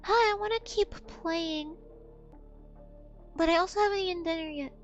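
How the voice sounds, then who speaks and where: A woman's voice: extremely high pitch, moderate pace, dull audio, faint music behind. A woman streamer telling a story in a blunt, profane, rambling way. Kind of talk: casual storytelling on a gaming stream.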